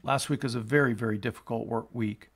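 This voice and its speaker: A man's voice: mid-range voice, steady tone, fairly quick. A male pastor reading scripture aloud and explaining it, in an earnest teaching tone that rises for emphasis. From United States.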